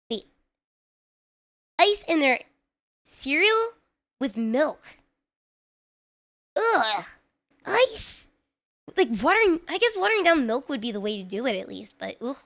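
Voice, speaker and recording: A woman streamer in casual live-stream chat, excitable and chatty, talking straight to her viewers. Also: high voice, gravelly.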